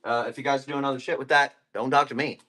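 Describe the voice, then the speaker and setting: A man's voice: medium pitch, flat delivery, fast, pushed and bright. A man selling plants on a live stream, chatting casually and rambling between topics while eating. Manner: rambling, laid-back, eating while talking.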